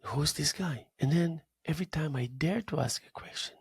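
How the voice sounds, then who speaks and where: A man hosting a talk show, telling a story in a casual monologue with animated delivery and spoken drum sounds. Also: a little high, moderate pace, gravelly, breathy edge, no room sound, studio quality.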